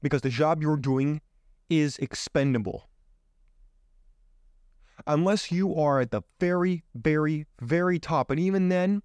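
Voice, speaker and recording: A man's voice: on the high side, measured pace, pauses often, a little mellow, clean tone, dry recording, studio quality. A man hosting a podcast, giving an emphatic motivational monologue full of rhetorical questions, speaking into his own microphone. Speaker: podcast host. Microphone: own microphone on camera.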